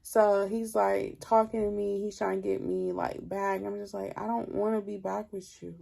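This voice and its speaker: A young woman talks through a personal story in a loose, casual way, peppering her sentences with 'like'. Her voice carries a gravelly fry and sits at an ordinary middle pitch. She sounds worn out and drained. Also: level tone, moderate pace, warm tone. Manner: chatty, leans heavily on 'like'. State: drained, low energy. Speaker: vlogger.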